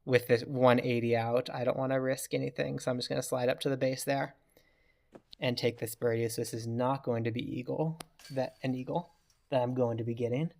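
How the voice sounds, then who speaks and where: A man's voice: mid-range voice, steady tone, brisk, creaky. Chatty man narrating his game. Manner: chatty, reacts loudly to bad throws. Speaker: gaming YouTuber. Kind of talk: casual gameplay commentary.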